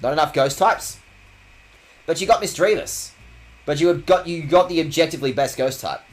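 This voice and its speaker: A man's voice: fairly high pitch, normal speed. A man streaming a video game, ranting with playful mock outrage and lots of swearing. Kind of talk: casual game stream commentary.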